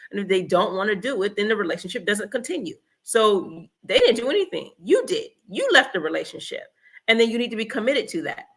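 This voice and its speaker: A woman's voice: medium pitch, gravelly, fairly bright tone. A woman hosting a relationship advice talk, blunt and emphatic, acting out little example conversations. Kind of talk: direct-to-camera advice talk.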